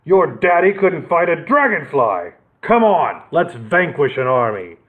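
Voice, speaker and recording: A booming, blustering knight bellows gruffly, as a man puts him on, his voice swooping wildly from line to line. The sound is thin and phone-like. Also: big pitch swings, measured pace.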